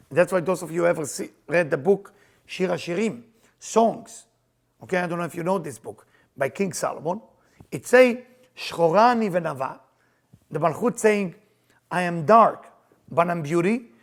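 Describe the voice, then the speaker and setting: A man teaching Kabbalah in an animated lecture, emphatic and excitable in English. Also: sits high, gravelly. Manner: excitable, emphatic, non-native English with Hebrew phrases.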